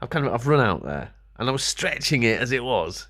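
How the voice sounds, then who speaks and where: A man's voice: medium pitch, very animated, brisk, a bit bright. A middle-aged man ranting casually to camera, grumbling and sarcastic, muttering to himself as he works. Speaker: vlogger.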